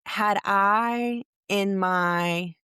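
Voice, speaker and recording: A woman's voice: mid-range voice, very slow, pushed and bright, clear, resonant tone, no echo, studio quality. A woman, co-hosting a faith podcast, telling a personal story earnestly in casual chat. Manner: earnest, acts out quotes of others. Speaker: podcast co-host.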